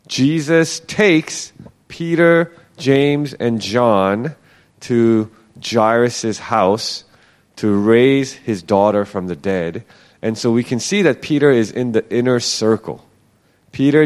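A man's voice: medium pitch, a little mellow. A man giving a casual Bible teaching, talking conversationally and acting out the quoted lines.

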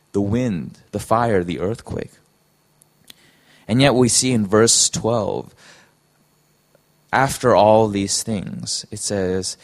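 Lower-voiced man preaching a sermon. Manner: earnest, halting with frequent restarts.

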